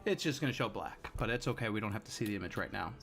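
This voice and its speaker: A man running a live-streamed tabletop game as game master, narrating scenes slowly and dramatically. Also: fairly low pitch, animated, a bit bright. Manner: slow, dramatic descriptive narration.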